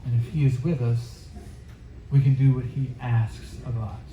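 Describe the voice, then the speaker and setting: Mellow-voiced man preaching in an echoey room. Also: medium pitch, steady tone, a little slow, slight background noise. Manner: earnest, conversational storytelling. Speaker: youth pastor. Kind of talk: casual youth sermon. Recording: roomy echo.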